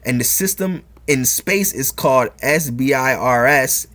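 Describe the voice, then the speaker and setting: A man delivers informal religious commentary in a middle-pitched voice, reading passages aloud and then preaching over them. He talks emphatically, repeats key phrases, and keeps checking in with "all right?" and "man", with frequent chuckles. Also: expressive, a little slow, sharp tone.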